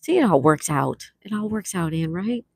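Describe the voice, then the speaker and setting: A woman hosting a relaxed live chat from her home, her voice sitting a little low for a woman. She reads out her viewers' messages and greets each one by name in a friendly, upbeat way. The sound is dry and close, with little room around it. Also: normal speed, gravelly, no echo. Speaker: livestream host. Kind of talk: casual live chat, reading out comments. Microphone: remote mic.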